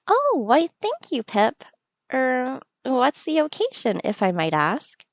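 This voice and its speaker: Woman voicing a gentle, motherly villager. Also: high-pitched, huge pitch swings, takes it slowly, no echo, voice pushed up, exaggerated voice. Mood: surprised.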